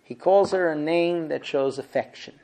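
Male religious teacher, storyteller who acts out every character, lively and expressive. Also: fairly high pitch, moderate pace, creaky. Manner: acts out characters with big swings from shouts to hushed whispers. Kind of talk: animated storytelling lesson.

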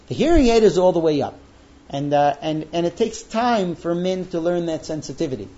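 A man's voice: fairly high pitch, expressive, moderate pace, warm tone. A man teaching a lesson to young men, telling stories with humor and frequent restarts. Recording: dull lo-fi recording.

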